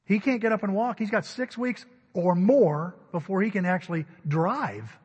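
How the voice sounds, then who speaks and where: A man delivers a story-filled sermon, acting out voices and crying out at times. His voice sits high with a husky edge. It rings with the long reverb of a large hall. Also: moderate pace, muffled recording. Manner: animated, acts out quotes and cries out. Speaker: pastor.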